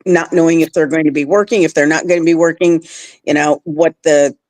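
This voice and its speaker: A woman chatting on a business roundtable in a relaxed, rambling way, with many fillers. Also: low voice, a little fast, no echo. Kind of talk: casual roundtable chat.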